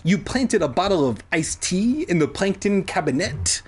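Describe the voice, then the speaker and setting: A man voicing a kindly scientist uncle who speaks in a calm, reassuring way. The voice is a little husky but moves with a lively melody. It is a storybook role read for laughs. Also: high voice, moderate pace, pitched above the performer's own voice, exaggerated voice. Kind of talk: comedic audiobook reading.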